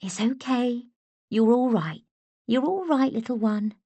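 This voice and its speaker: A woman reading an audiobook, voicing a kind young female nurse who talks in a soft, crooning way. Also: on the high side, animated, a little slow, no echo, pitched above the performer's own voice. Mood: soothing.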